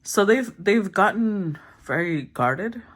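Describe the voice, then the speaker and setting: A woman giving a casual tarot reading, thinking aloud, often clearing her throat and murmuring as she names the cards. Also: mid-range voice, animated, slow. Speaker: tarot reader.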